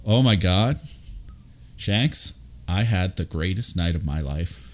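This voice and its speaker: Lively low-voiced man telling a story. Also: slow, a little hiss or hum. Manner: animated storyteller who swings his pitch when quoting people; laughs through the funny parts, fillers and restarts. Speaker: guest on a live stream talk show. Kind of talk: casual storytelling chat.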